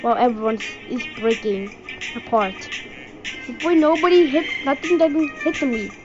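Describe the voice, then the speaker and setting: A woman from India giving excitable let's-play commentary, yelping and exclaiming as she plays. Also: high voice, normal speed. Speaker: gaming channel host. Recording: dull lo-fi audio with game music. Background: game music.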